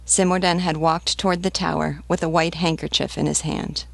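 A woman's voice: low voice, fairly even intonation, normal speed, vocal fry, no room sound. Woman reading a novel aloud. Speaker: literature teacher. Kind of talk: audiobook reading.

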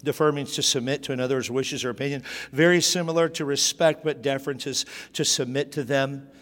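Middle-aged pastor preaching, telling stories, lots of restarts, big echoey hall. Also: male voice, mid-range voice, steady tone, brisk, fairly bright tone. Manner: storytelling with repeated restarts. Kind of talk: sermon. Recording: long hall reverb.

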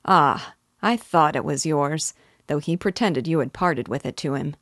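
A woman's voice: deep voice, a little slow, fairly bright tone, dry recording, studio quality, exaggerated voice. Woman reading as a chatty, insinuating male horse dealer.

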